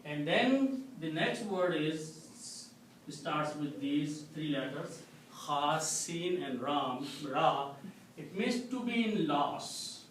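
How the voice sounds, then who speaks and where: A man teaching an Arabic grammar lesson to a class, explaining slowly and checking with a frequent "okay?". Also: on the high side, expressive, fairly bright tone. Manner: slow, explanatory, repeats "okay?" to check understanding. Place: mosque classroom. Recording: echoey room, distant mic, faint noise.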